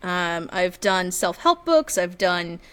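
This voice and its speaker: A woman's voice: lowish voice, very animated, slow, a bit bright, smooth. A woman who narrates audiobooks, chatting casually as a podcast guest and laughing often.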